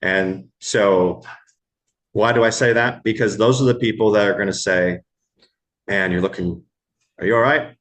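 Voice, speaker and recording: A middle-aged man, telling stories from his years as an emergency room medic in a podcast interview, slow and halting, repeating words as he goes. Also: fairly low pitch. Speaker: guest, former ER medic.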